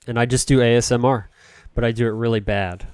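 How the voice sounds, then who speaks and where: A man's voice: medium pitch, steady tone, brisk, a little mellow, clear, resonant tone, dry recording. A man chatting casually to his live-stream viewers while cleaning a console, rambling and self-deprecating, laughing often.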